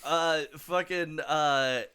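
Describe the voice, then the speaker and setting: Smooth-voiced young man, casual podcast chat. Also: fairly high pitch, very slow, sharp tone. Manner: loose and profane, many fillers. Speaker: podcast co-host. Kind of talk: casual chat about music.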